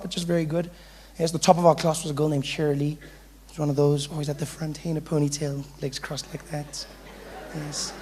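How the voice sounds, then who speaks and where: A man doing stand-up comedy, telling stories in an animated way. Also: on the high side. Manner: animated storytelling, switching into voices. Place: comedy stage before a live audience.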